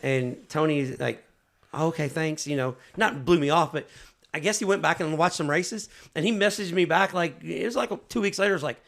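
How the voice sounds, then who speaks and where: A man with a gravelly, slightly high voice tells stories from the announcer's booth. He trips over his words and restarts often. His retelling turns quick and animated. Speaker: race announcer, podcast host. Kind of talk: casual storytelling chat.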